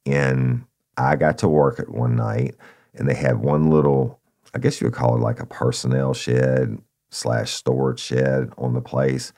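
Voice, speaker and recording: A man's voice: extremely low pitch, little pitch movement, a little slow, a little mellow. A middle-aged man, telling a true crime story in a folksy, profane, casual way. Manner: folksy and profane, addresses listeners as y'all. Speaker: podcast storyteller, former narcotics officer. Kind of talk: casual first-person storytelling.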